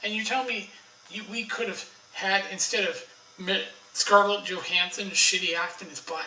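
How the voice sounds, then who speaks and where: A man's voice: high-pitched, pushed and bright, echoey room, distant mic, low-quality recording. A man ranting in a casual monologue, blunt and profane, full of strong opinions and frequent restarts. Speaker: online commentator.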